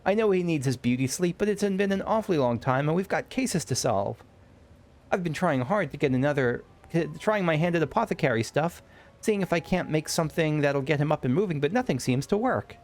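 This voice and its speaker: A man's voice: a little high, expressive, a little fast. A man reading game dialogue aloud as a cheerful young woman assisting a detective, chatty and upbeat.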